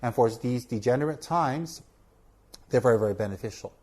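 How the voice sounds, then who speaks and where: A man's voice: medium pitch, animated, brisk, a little mellow. Earnest man giving a Buddhist teaching. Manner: earnest, repeats for emphasis, asks "okay?". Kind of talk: informal teaching talk to camera.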